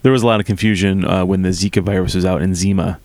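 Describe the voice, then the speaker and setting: A man co-hosting a casual comedy chat, riffing on jokes in quick bursts and laughing often. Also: sits low, fairly even intonation, a little mellow, no room sound. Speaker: podcast co-host.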